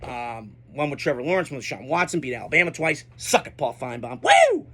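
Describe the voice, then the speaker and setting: A man's voice: mid-range voice, expressive, fast, a bit bright, breathy edge. A young man giving an unfiltered, profane casual sports reaction, speaking bluntly as a commentator.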